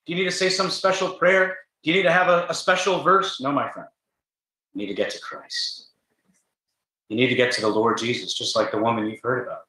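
Urgent preacher in an echoey tent. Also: male voice, mid-range voice, fairly even intonation, brisk, bright, forceful tone. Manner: earnest, urgent rhetorical questions. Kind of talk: gospel sermon. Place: large tent.

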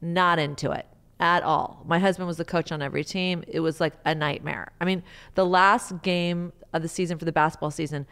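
A woman's voice: lowish voice, steady tone, a little fast, fairly bright tone, clean tone. A woman co-host chatting casually, asking the guest questions and telling family anecdotes. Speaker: podcast co-host. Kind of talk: casual interview chat.

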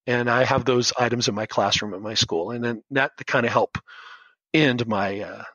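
A man's voice: mid-range voice, normal speed, fairly bright tone, no room sound, highs cut off. Earnest American man telling a story. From United States. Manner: earnest, emotional, many restarts. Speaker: podcast guest; teacher. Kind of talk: casual storytelling interview.

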